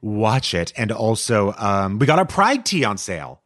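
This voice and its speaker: A man's voice: on the low side, very animated, moderate pace, fairly bright tone, no echo, studio quality. A man co-hosting a podcast in casual banter, playful and teasing, eager to plug the show. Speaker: podcast co-host.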